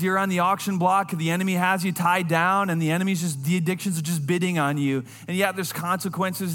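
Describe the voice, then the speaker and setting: A man preaches a sermon in a large hall, sharing a personal story in an earnest voice that sinks low and quiet at the tender moments.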